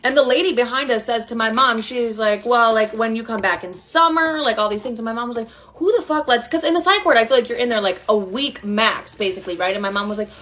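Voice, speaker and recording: A woman's voice: fairly high pitch, fast, hardly any pauses, fairly bright tone, a little hiss or hum. A woman in her twenties telling a profane, chatty story about her family, full of quoted dialogue. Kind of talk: casual storytime.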